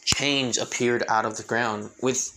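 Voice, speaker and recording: A young man narrates a fan-made story on the fly, middling in pitch. He rambles, restarts sentences, and speaks straight to his viewers. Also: steady tone, unhurried, pushed and bright, faint music behind. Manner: rambling, many fillers and restarts.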